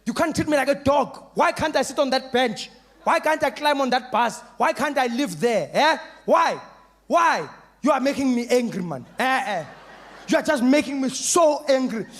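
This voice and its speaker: A comedian voicing an indignant male protester who shouts his complaints. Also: very high voice, expressive, normal speed, voice pushed up.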